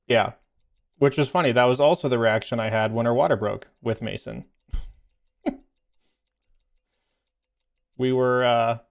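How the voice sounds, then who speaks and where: Man, gaming streamer, casual storytelling, rambling, filler-heavy, laughing. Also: mid-range voice. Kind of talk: casual storytelling while playing a game.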